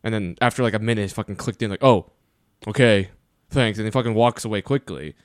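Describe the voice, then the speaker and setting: A man's voice: fairly low pitch, rapid-fire, no room sound, clean studio sound. A young man co-hosting a podcast, telling crude, rambling work stories with lots of swearing. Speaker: podcast co-host. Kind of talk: casual chat.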